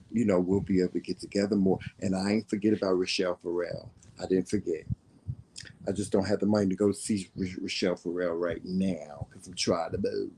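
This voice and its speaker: A man with a faded Southern accent talks in a loose, rambling way, full of fillers and restarts. His voice sits low and sounds warm and relaxed. A faint hiss runs under it. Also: rough recording. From American South. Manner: chatty, many fillers and restarts. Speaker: co-host. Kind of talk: casual chat.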